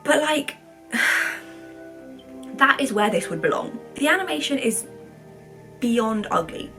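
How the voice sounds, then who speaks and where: A woman's voice: a little high, animated, slow pace, bright, forceful tone, faint music behind. A woman in her twenties, a vlogger, rambling through casual commentary in a chatty, sarcastic way. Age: 20s.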